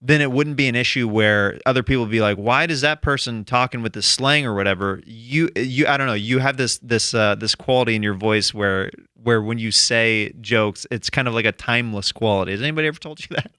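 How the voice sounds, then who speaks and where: A man's voice: mid-range voice, brisk, hardly any pauses, sharp tone, smooth, dry recording, studio quality. A man hosting a casual comedy podcast, talking in an enthusiastic, rambling way with many restarts. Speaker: podcast host. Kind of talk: casual chat.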